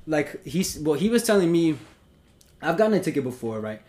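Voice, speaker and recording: A man's voice: a little high, a little fast, slight background noise. Profane young New man telling a story. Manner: profane, animated retelling with acted-out quotes. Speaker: podcast host. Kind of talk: casual storytelling.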